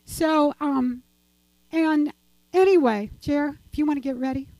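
A woman's voice: high-pitched, measured pace, dark tone, no room sound, rough recording. An older woman giving a chatty, rambling church talk and personal testimony, laughing often as she goes.

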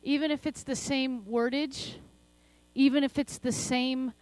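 Middle-aged woman preacher, high voice, dry close sound; passionate, laughs often, soft then loud. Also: fairly even intonation, unhurried, dry recording. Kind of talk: sermon with prayer.

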